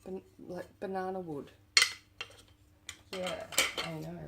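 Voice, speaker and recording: A woman's voice: on the low side, takes it slowly, heavy background noise. An Australian woman chatting casually on her vlog while tidying her room, often exclaiming over things she finds and sometimes dropping into a whisper. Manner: excitable, exclaiming over found items, drifting into whispers. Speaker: witch shop owner vlogger.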